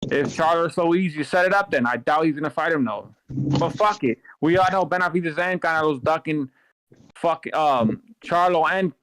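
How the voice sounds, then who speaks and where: A man's voice: fairly high pitch, normal speed, no echo, low-quality recording. A man calling into a podcast, ranting angrily and swearing a lot. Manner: angry, profane, shouting insults. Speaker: caller on open-lines podcast. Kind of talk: heated profane rant.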